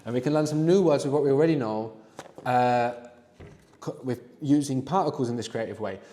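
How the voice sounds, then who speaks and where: A man's voice: medium pitch, brisk, warm tone, long reverb tail. A man teaching a live language workshop, coaxing students with questions and asking them to think aloud. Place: classroom with students.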